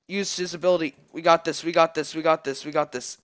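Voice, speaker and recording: A young man talks through his own match in a slightly high voice, rambling with fillers between plays. He gets loud and excited when the action heats up. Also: moderate pace, hardly any pauses, clear, resonant tone. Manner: excitable, yelling at big plays, many fillers. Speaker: gameplay commentator. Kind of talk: live gameplay commentary.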